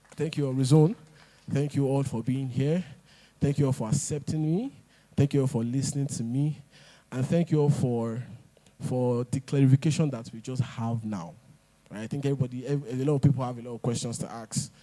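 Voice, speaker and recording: Delivering a motivational talk at an event, this speaker has a dark-toned, mid-range voice. He's emphatic, says his lines again and again, and slips in asides in pidgin.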